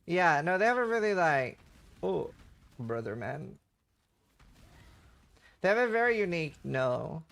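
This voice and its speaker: Jokey streamer guy, lively up and down voice, bright tone. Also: sits high, normal speed, vocal fry. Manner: playful, jokey, tries out accents. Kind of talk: casual chat while gaming.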